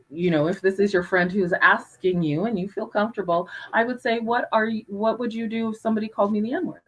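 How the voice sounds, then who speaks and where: A woman on a discussion panel speaks with an emphatic drive, stacking repeated words to press her points. Her voice sits at a middling pitch for a woman. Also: low-quality recording.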